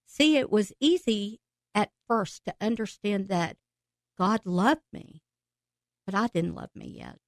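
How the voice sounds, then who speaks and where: A woman appears as a podcast guest sharing her personal faith testimony emotionally, laughing and breaking into excited outbursts along the way. Her voice is mid-range, her pace measured, and the recording dry.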